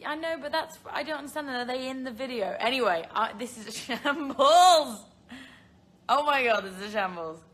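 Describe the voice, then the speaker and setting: Fast-talking with few pauses, her voice runs on the high side and is fairly bright. A young British woman hosting a phone live stream, she answers viewer questions in a casual, rambling way packed with fillers and giggles.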